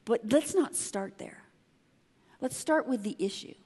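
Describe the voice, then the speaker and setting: A woman giving a conference talk as a leadership consultant, telling a story in an emphatic, conversational way with quick asides to the audience. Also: fairly high pitch, animated, a little mellow, breathy edge. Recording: long reverb of a large hall.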